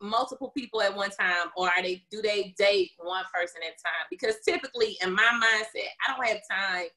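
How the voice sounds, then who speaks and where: A woman's voice: mid-range voice, a little fast, pushed and bright. A woman co-hosting a casual chat, direct and sarcastic, asking the group pointed questions. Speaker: co-host.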